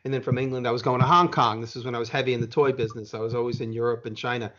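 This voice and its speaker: A man's voice: mid-range voice, fairly even intonation, racing, a bit bright. An American man telling a long rambling story in casual podcast chat, swearing now and then, with dull lo-fi sound. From United States. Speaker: podcast guest.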